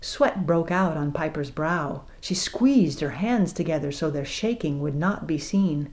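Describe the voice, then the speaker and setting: A woman reading an audiobook aloud in a measured, expressive way. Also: deep voice. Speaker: narrator. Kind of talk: audiobook narration.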